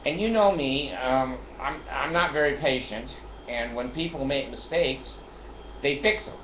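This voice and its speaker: A man's voice: mid-range voice, a little slow, echoey room, lo-fi sound, slight background noise. An older man telling a long, rambling story from home, brash and profane, with chuckles along the way. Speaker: vlogger. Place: home, sitting on a couch.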